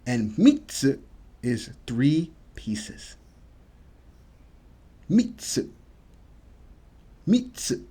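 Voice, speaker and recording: A man giving a casual video lesson, patiently repeating each word slowly for practice. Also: fairly high pitch, mellow, breathy edge. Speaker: Japanese teacher.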